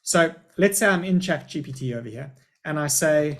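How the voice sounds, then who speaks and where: A man's voice: fairly high pitch, expressive, a little fast. A middle-aged man, a school principal, giving a chatty, upbeat live webinar presentation over a video call.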